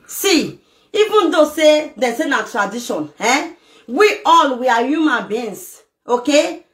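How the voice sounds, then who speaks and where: A woman's voice: high-pitched, sing-song, a little slow. A middle-aged Nigerian woman in an emotional rant to camera, speaking Nigerian Pidgin English and firing off emphatic rhetorical questions. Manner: emphatic, fires rhetorical questions, mixes local language words. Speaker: vlogger. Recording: echoey room with faint noise.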